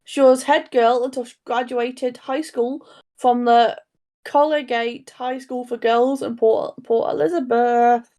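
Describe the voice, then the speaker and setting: A woman's voice: on the high side, steady tone, a little slow, dark tone. A young woman co-hosting a casual true crime podcast, rambling and breaking into her own story. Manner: rambling, self-interrupting storyteller. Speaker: podcast co-host.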